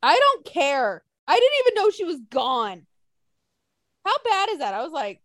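A woman's voice: sits high, wildly swooping pitch, moderate pace, no echo, studio quality. A young woman co-hosting a casual podcast, ranting with lots of swearing and mocking put-on quotes. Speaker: podcast co-host. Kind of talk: casual chat.

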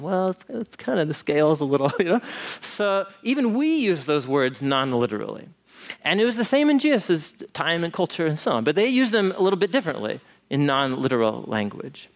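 A male pastor with a voice pitched somewhat high for a man delivers a conversational sermon. He talks in an animated way, often turning to his listeners with rhetorical questions.

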